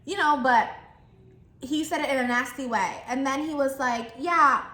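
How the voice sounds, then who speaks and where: A high, bright young woman telling a story on her vlog between bites of food, animated and chatty. Her voice rings in an echoey room with faint background noise. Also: moderate pace. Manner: animated, talks while chewing, acts out the customer exchange. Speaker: vlogger. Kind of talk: casual storytime while eating.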